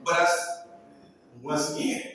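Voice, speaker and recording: A man's voice: a little high, a little slow, far from the mic, slight background noise. A man, a builder, giving a storytelling speech to a live audience. He acts out the voices in his stories and delivers faith-filled calls like a preacher. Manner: animated, acts out dialogue in quoted exchanges. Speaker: builder and speaker. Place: large hall with an audience. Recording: echoey hall, voice picked up from afar.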